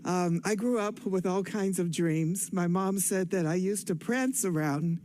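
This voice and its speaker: An older woman from Cleveland, Ohio, out of breath and excited, telling her life story in a rambling, self-correcting way on stage. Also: on the low side, measured pace, a little hiss or hum. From Cleveland, Ohio, USA. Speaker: guest speaker on stage. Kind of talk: personal storytelling speech.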